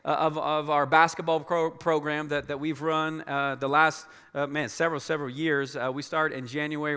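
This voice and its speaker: Pastor guy talking to his church, high-ish clear crisp voice, lots of uh and restarts, big echoey auditorium. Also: pushed and bright. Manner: earnest, halting with many restarts and fillers. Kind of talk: church announcement and sermon. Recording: long hall reverb.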